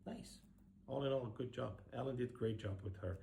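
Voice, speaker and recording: A man's voice: mid-range voice, brisk, vocal fry, dark tone, a little hiss or hum. A middle-aged man, a professional ballroom dancer, giving blunt, sarcastic casual commentary while reacting to a dance show.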